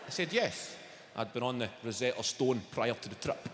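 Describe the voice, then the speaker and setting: A man's voice: mid-range voice, brisk, heavy background noise. A man with a Glaswegian accent doing brash, sweary stand-up comedy in a large venue, chatting with the crowd. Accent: Scottish, Glaswegian. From Scotland. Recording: echoey live hall with loud crowd laughter.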